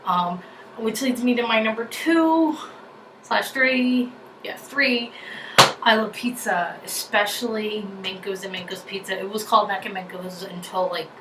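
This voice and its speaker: A woman's voice: medium pitch, measured pace. Bubbly young woman with a New York accent. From New Jersey. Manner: chatty and bubbly, with frequent "like". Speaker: YouTuber. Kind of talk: casual vlog chat. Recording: echoey room, mic at a distance, noisy.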